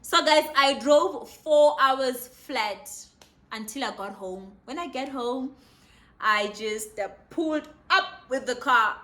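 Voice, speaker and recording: A young woman with a South African accent tells a casual storytime vlog. Her voice is bright and slightly high, and she gets excitable and emotional as she talks. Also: slow pace. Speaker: vlogger.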